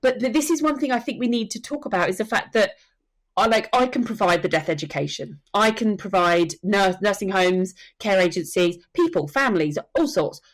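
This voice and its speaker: Woman guest, earnest storyteller, mid pitch, chatty podcast guest. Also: expressive, fairly quick. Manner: earnest storytelling, acts out quotes. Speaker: soul midwife and death educator. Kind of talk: podcast conversation.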